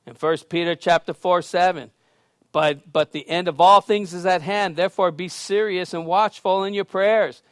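A pastor preaching in a high, lively voice, recorded dry and close. He swings from loud, emphatic lines to quiet, chatty asides. He tells stories casually and laughs along the way. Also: normal speed, dry recording. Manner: conversational storytelling with laughs. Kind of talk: sermon.

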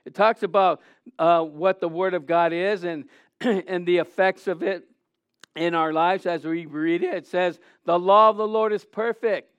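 High-voiced, animated male preacher. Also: unhurried, clean tone, no room sound. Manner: animated, acts out scenes, asks the audience questions. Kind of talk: sermon with scripture reading.

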